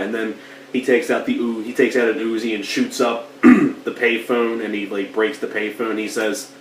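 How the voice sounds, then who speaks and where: A man's voice: fairly low pitch, steady tone, moderate pace. A man casually reviewing a film, rambling with lots of filler words and coughing now and then while getting over allergies. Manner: rambling, lots of "like" and "you know". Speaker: movie reviewer. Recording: roomy, distant mic, faint hiss.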